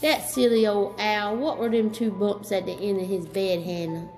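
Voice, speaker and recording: A woman reading a children's story aloud as storyteller, gentle and slow, chatting to a child in between. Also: mid-range voice, fairly even intonation, faint music behind.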